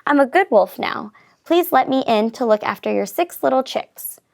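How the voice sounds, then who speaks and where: A big, misunderstood wolf from a children's storybook, as a woman reads him aloud. He speaks earnestly and gently, with a slightly gravelly, fairly high tone. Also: lively intonation, moderate pace. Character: misunderstood male wolf, big, gruff but soft-hearted.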